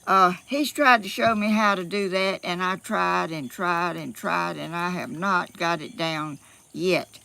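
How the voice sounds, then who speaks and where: Slow, gravelly Southern woman vlogging. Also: fairly low pitch, sharp tone. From Georgia, US South. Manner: rambling and folksy, with frequent laughs and fillers. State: out of breath. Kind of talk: chatty live stream. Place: outdoors.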